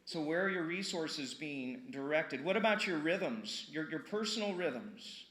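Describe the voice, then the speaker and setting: A male pastor delivering a sermon in a casual, energetic style, asking the congregation questions and repeating words for emphasis. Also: fairly high pitch, measured pace, roomy sound. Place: church sanctuary.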